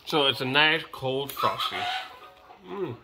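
A middle-aged man from Hawaii with a Hawaiian Pidgin accent, chatting playfully in a home vlog while his daughter films, bursting into shouts and laughter. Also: medium pitch, slow, music in the background. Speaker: vlogger. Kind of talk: casual vlog. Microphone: camera held by his daughter.

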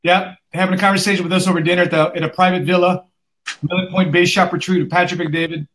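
A man's voice: high voice, flat delivery, fast talker, a bit bright. A man hosting an interview show, upbeat, with frequent fillers. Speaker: host.

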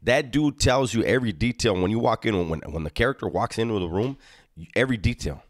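Lowish guy host cracking jokes, dry close sound. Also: lively intonation, quick pace, no echo. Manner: joking, teasing, commenting on the story. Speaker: podcast host. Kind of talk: casual chat.

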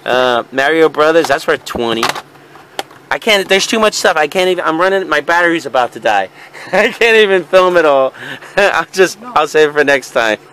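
A young man who resells video games vlogs a casual unboxing, chuckling and rambling through a haul. His voice is on the high side, bright and forceful, with lively intonation at normal speed and a little hiss or hum.

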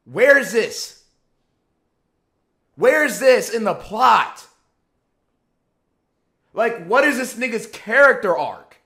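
A man giving a profane, exasperated rant as an anime commentator, firing off rhetorical questions and often shouting. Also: very high-pitched, big pitch swings, slow, pauses often.

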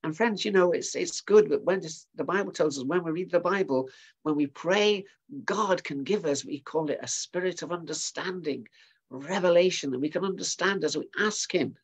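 A man's voice: on the high side, normal speed, breathy edge. A man preaching at a family service, retelling a bible story in a chatty way with asides to his listeners.

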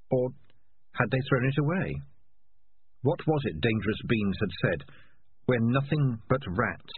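A man narrating an audiobook in an expressive reading voice. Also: lowish voice. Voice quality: husky. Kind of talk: scripted narration. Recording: lo-fi phone-like sound.

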